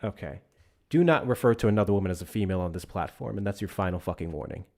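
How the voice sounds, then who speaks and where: A man hosting a live political call-in stream with a low, grounded voice. He argues bluntly and swears often. When he pushes a point, his words trip and repeat. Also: fast, a little mellow. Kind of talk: heated live-stream debate with callers.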